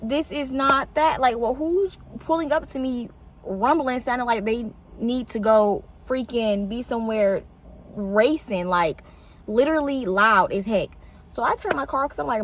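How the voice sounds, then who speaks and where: A young woman vlogging casually, telling an animated story full of fillers and swearing. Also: a little slow, a little hiss or hum. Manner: animated, swearing, filler-heavy, pitch jumps on exclamations. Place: outdoors in shade.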